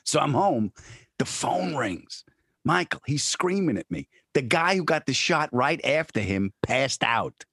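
Comedian guest, male, husky, lively storyteller with big pitch swings, dry close sound. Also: unhurried, no room sound. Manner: acts out friends' voices, shouting in high pitch. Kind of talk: animated storytelling in casual chat.

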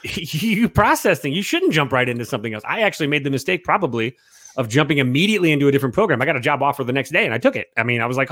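A man who talks quickly and bluntly about sports, a former coach giving firm opinions in casual chat. He sounds close and dry, with no reverb. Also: medium pitch, big pitch swings, fairly bright tone. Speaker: podcast co-host, former coach.

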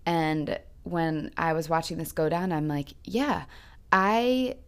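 A woman's voice: low-pitched, lively intonation, slow, smooth. A woman co-hosting a podcast, telling a personal story in an earnest, reflective casual chat. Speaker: podcast co-host.

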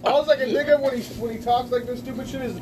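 A man's voice: very high-pitched, fairly even intonation, recorded from a distance, noisy background. A man co-hosting a podcast live at a restaurant, teasing and swearing in casual banter. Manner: quick, teasing and profane. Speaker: podcast co-host.

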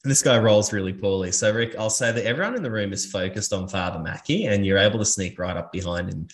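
Guy running a tabletop game, relaxed and chatty, echoey room. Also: on the low side, fast. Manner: casual, laughing, lots of uh fillers. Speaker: game master.

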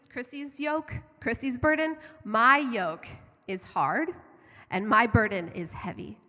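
A woman's voice: on the high side, pushed and bright. A middle-aged woman telling a story in a conversational sermon, earnest and fervent. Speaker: church speaker. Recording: long hall reverb.

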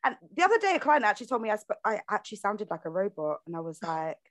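A woman hosting a casual podcast interview, playful and quick to laugh. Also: medium pitch, very animated. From London. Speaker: podcast host.

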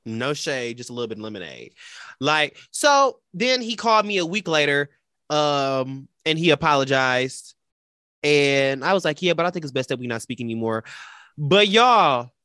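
A man co-hosting a casual talk show, telling a personal story in a dramatic, animated way and quoting the people in it. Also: a little high, unhurried, dry recording, studio quality. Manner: animated, dramatic retelling with quoted voices. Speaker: podcast co-host.

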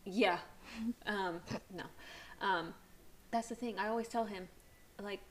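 A woman's voice: mid-range voice, steady tone, slow. A young woman co-hosting a podcast in casual chat, telling stories with dramatic retellings and swearing freely. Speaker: podcast co-host.

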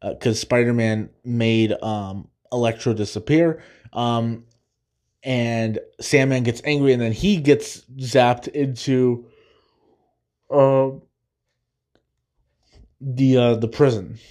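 A man's voice: mid-range voice, steady tone, takes it slowly, pauses often, a little mellow. A man hosting a podcast, enthusiastically rambling through a spoiler-heavy film breakdown and now and then laughing and humming movie themes. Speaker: podcast host.

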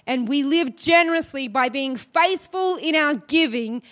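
A woman's voice: sits high, unhurried. A woman pastor preaching a sermon in a chatty, storytelling way, full of rhetorical questions.

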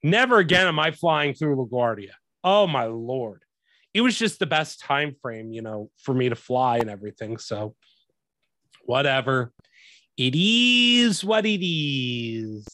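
A man's voice: mid-range voice, expressive, unhurried, sharp tone, no room sound, studio quality. A man hosting a podcast, telling a long story as a profane, exasperated rant in a casual way. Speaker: podcast host.

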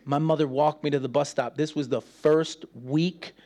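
Animated preacher, slightly high male voice. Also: moderate pace. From United States. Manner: playful, laughs often, acts out voices. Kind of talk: sermon with personal stories.

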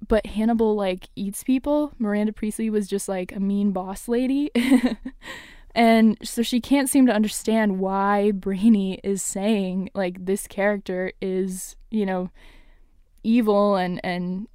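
A woman's voice: mid-range voice, darkish tone, smooth, dry recording, studio quality. A young woman casually recapping a TV episode, gushing and laughing often, with lots of fillers. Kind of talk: casual solo recap chat.

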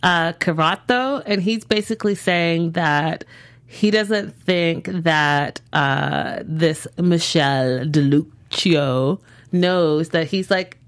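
Playful lower-voiced woman co-host. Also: slow pace. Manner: animated, playful asides and slang. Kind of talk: casual entertainment news chat.

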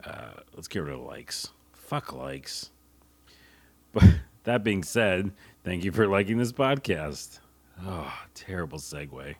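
Deep-voiced young man, solo podcast host, loose and rambling, casual swearing, conversational delivery. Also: lively intonation, slow. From United States.

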